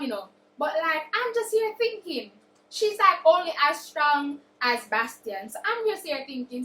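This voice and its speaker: Young Jamaican woman, high voice, animated casual book-recap vlogger, echoey room. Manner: animated, acts out characters' quotes. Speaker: book reviewer. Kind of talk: casual plot retelling. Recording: echoey room with faint noise.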